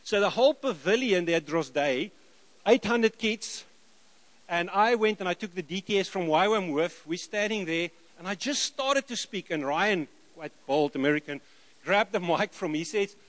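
A middle-aged South African man preaching, telling lively stories and acting out the dialogue. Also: high-pitched, moderate pace. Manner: lively anecdotal, acts out dialogue, chuckles. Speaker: missionary preacher. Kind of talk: sermon storytelling.

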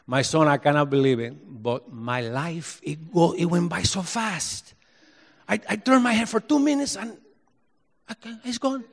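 A wistful, amazed old Cuban father of ninety-one, as a preacher puts him on, his voice lifted higher than the preacher's own. He speaks slightly broken English and marvels at how fast life went. Long church reverb trails each phrase.

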